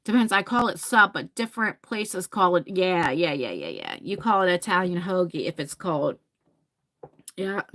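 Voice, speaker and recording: A woman's voice: on the low side, big pitch swings, moderate pace, a bit bright. A woman in her forties with a New Jersey accent, chatting casually with her livestream viewers in a rambling way, laughing and swearing now and then. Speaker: livestream host.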